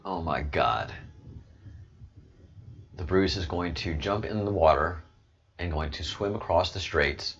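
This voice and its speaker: A man's voice: deep voice, measured pace, pauses often, a bit bright, highs cut off, slight background noise. A man hosting a casual commentary livestream, rambling through his points with repetitive, joking asides, talking into a desk microphone. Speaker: livestream host.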